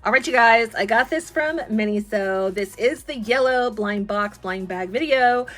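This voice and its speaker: A young woman chatting excitedly through a toy unboxing, gushing and giggling often. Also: on the high side, measured pace, faint music behind.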